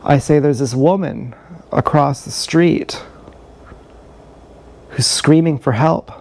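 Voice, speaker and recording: A man's voice: fairly high pitch, slow pace, a little mellow. A man in his thirties telling a rambling, profane, confessional story in a casual livestream monologue. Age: 30s. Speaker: streamer. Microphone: action camera.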